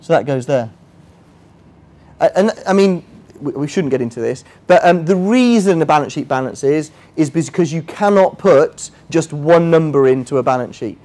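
A man's voice: a little high, darkish tone. A man runs a friendly teaching session. He talks casually, keeps checking whether the room agrees, and pokes fun at himself as he explains. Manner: chatty, quizzes the audience, self-mocking asides. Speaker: finance workshop trainer. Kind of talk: interactive teaching. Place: workshop room with a live audience.

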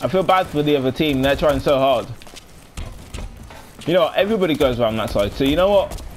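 A man's voice: a little high, lively intonation, brisk, a little hiss or hum. A young man giving casual, jokey live commentary while playing a shooter game. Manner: chatty, jokey, self-narrating. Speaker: gaming commentator.

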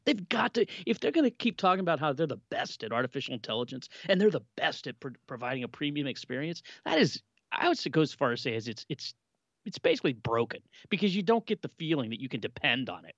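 Animated man on a muffled line. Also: fairly high pitch, fast talker, no echo. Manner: animated, with frequent restarts and rising exasperation. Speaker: podcast co-host. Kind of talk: casual tech podcast chat.

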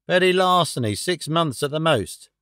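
A self-satisfied police inspector from a storybook mystery, talking briskly and pleased with his own theory, as a male reader puts him on. The voice sits a little high and the recording is dry and close. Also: expressive, sharp tone, dry recording. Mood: dismissive.

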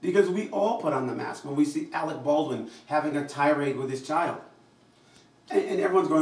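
An American man delivers a public address in a slightly high voice. He is animated and acts out the voices of people he quotes. The recording is roomy and echoey, picked up from well away from the mic. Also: fairly quick. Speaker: invited speaker. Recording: echoey room, mic far off.

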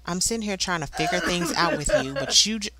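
A woman hosting a life-simulation game let's play, chatting casually and voicing the characters in quick asides. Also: on the low side, a loud crowd. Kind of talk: casual gameplay commentary.

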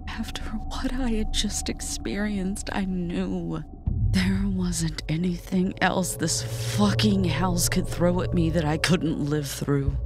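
A woman narrating a horror story in a hushed, often whispered way. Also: on the low side, vocal fry, a little hiss or hum.

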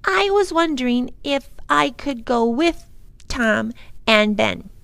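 A woman voicing a defiant, eager young girl in a storybook, speaking high and emphatically. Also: animated, slow, creaky, fairly bright tone, clean tone, exaggerated voice.

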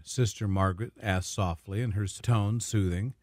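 A man narrating a scripted dramatic story in a smooth, even storytelling manner. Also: fairly low pitch, normal speed, few pauses, no room sound, clean studio sound.

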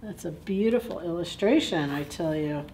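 A woman librarian reading a picture book aloud at children's story time, gently asking listeners questions. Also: on the low side, background noise. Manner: slow, deliberate reading.

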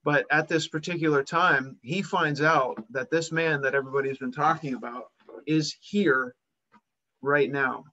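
A man's voice: fairly high pitch, steady tone, unhurried, pushed and bright, highs cut off, a little hiss or hum. A man preaching a sermon, retelling a Bible story and acting out its voices with rising emphasis.

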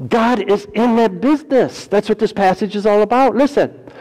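A man preaching a sermon as pastor, folksy and humorous, swinging between loud emphasis and hushed, quiet lines. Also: high voice, normal speed, in a large hall, poor audio.

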